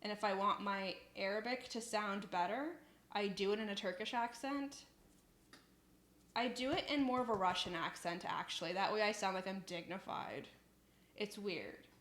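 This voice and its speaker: A woman's voice: medium pitch, normal speed, fairly bright tone. A young woman chatting casually on a live stream, reading out chat messages, laughing often and swearing in passing.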